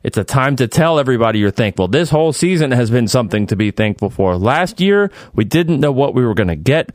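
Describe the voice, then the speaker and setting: A man hosts his podcast in easy casual chat, his pitch rising and falling with lots of life. He jokes, rambles and turns earnest, recorded dry and close. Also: animated, a little fast, dry recording. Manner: jokey, rambling, warmly earnest. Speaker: podcast host.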